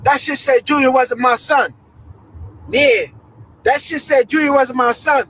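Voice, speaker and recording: A man with a strikingly high voice spins a story in loose, slangy street talk. He gets animated and acts out every quote along the way. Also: measured pace, a little hiss or hum, low-quality recording. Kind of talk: casual storytime.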